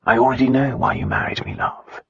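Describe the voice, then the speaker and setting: A man reading an audiobook, voicing an arrogant nobleman husband who is gruff, blunt and dryly teasing. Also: medium pitch, little pitch movement, fairly quick, fairly bright tone, no room sound, in a whisper, highs cut off. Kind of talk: audiobook dialogue.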